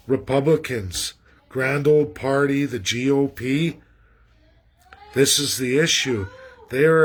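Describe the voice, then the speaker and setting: A man from Canada delivers a casual political monologue with a husky edge to his voice. He is emphatic and repetitive, often calling out people directly. His pitch sits right in the middle for a man. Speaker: political commentator.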